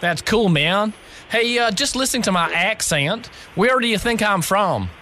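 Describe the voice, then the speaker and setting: A man's voice: very high voice, lively intonation, normal speed, noisy background, pitched above the performer's own voice. A man putting on an exaggerated fake American accent for a prank call, stretching his R's. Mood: chummy. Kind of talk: prank call comedy bit.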